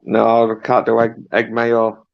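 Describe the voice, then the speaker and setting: An easygoing man with a Yorkshire accent trades casual banter, quick to laugh. The audio is muffled and lo-fi. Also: mid-range voice, completely flat delivery, vocal fry. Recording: dull lo-fi audio.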